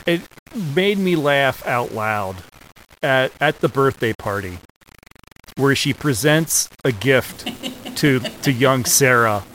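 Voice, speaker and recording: A man co-hosting a podcast, chatting casually about an old film in a relaxed, hesitant way with many fillers. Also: mid-range voice, takes it slowly, a little hiss or hum, low-quality recording. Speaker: podcast co-host.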